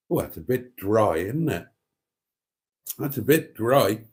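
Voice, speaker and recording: Guy hosting a live stream, dry mock-pompous rambling, slow and unhurried, middle pitch. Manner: deadpan, mock-pompous, rambling with many fillers. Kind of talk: casual live stream chat reading out viewer comments.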